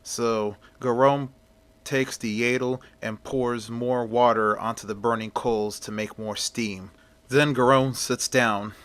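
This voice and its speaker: A man's voice: mid-range voice, steady tone, slow pace, fairly bright tone. A man narrating a story in a plain, conversational way.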